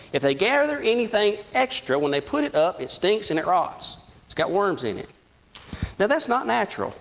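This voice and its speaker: Preacher, middle-aged man, folksy storyteller, raised voice with a lively swing in pitch. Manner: storytelling, repeats himself, folksy. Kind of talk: sermon.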